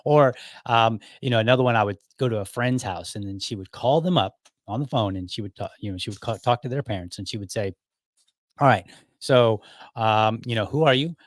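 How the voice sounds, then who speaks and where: With a voice on the low side and a slightly fast pace, this Ohio man in middle age hosts a podcast where he casually rambles through childhood stories. He keeps correcting himself and performs the quoted lines, and the recording has no echo.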